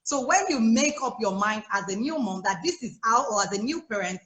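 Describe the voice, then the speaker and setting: A woman with a Nigerian English accent, a life coach giving chatty, animated advice to new mothers on a video call, laughing often. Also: fairly high pitch, brisk, roomy sound. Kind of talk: casual advice on a live chat. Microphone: phone or laptop on a video call.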